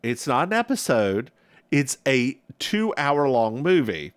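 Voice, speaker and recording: Animated campy man recapping a show. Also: mid-range voice, takes it slowly, clear, resonant tone, no echo. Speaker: podcast co-host recapping a TV episode. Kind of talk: casual chat.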